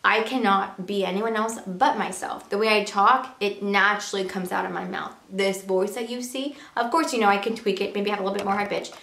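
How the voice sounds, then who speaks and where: A woman's voice: mid-range voice, steady tone, a little fast, gravelly, hardly any pauses, a bit bright. A young woman vlogging to camera in a casual, earnest way, full of rhetorical questions. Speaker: beauty and lifestyle vlogger. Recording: echoey room.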